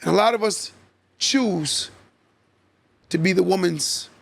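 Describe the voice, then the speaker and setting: A man's voice: high-pitched, slow pace, vocal fry, slightly rough. A man hosting a podcast, giving emphatic, preachy motivational talk and often checking in with "right?". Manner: emphatic, repetitive, keeps asking "right?". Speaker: podcast host.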